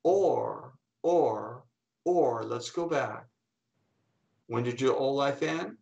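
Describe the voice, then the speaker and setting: A middle-aged man with a gravelly, creaky edge to a mid-pitched voice tells stories as a guest. He talks in animated bursts, slipping into the voices of the people he quotes. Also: extremely slow, highs cut off. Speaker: guest speaker and coach. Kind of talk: storytelling in an interview.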